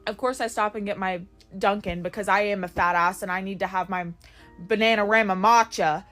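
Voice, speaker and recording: A woman's voice: mid-range voice, fairly even intonation, brisk, a bit bright, faint music behind. A woman telling a casual, chatty personal story with sarcastic, self-deprecating jokes. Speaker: storytime TikToker.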